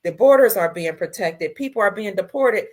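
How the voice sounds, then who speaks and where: A woman hosting a casual livestream, reading viewer comments, emotional and tearful, her voice swinging between soft and loud. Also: mid-range voice, expressive, moderate pace. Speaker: livestream host.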